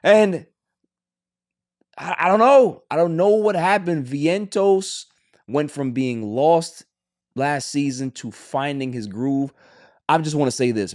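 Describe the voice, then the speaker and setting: A man's voice: medium pitch, animated, slow pace. A man hosting a sports podcast, talking casually and rambling, with frequent restarts and fillers. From Queens, New York.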